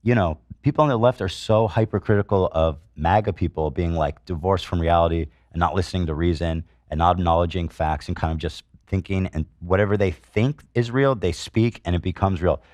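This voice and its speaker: A man with a very low voice works through online posts as a podcast host, answering each with blunt, profane outrage. His delivery is full of ums and restarts. The sound is close and dry, with no room around it. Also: a little fast, hardly any pauses, darkish tone, no echo. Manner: heated, profane and indignant, with frequent fillers. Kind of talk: commentary reading out online posts.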